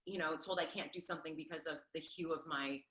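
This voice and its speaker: A woman in her thirties, a stage performer, answering interview questions in an animated, chatty way with lots of fillers. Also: low-pitched, quick pace, roomy sound, poor audio. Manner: animated, laughs often, many fillers. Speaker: Broadway performer, guest.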